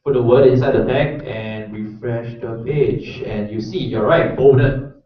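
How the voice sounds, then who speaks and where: A man's voice: mid-range voice, a little slow, a little hiss or hum. A man teaching a coding workshop in a lecture room, with a casual, chatty manner that keeps checking in with the audience. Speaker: workshop instructor. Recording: roomy echo, distant mic, dull lo-fi sound.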